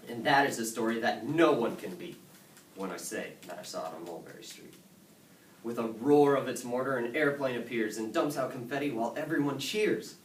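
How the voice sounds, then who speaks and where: A man's voice: medium pitch, slight background noise. Man reading a rhyming storybook aloud. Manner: rhythmic sing-song rhyme reading, building excitement. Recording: echoey room from far off, faint ambience.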